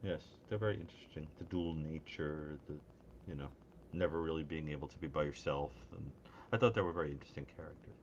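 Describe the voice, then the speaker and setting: A man co-hosting a casual call-in show, an animated, self-mocking storyteller on a remote mic. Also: a bass voice, fast. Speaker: co-host. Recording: dull lo-fi call audio, faint noise.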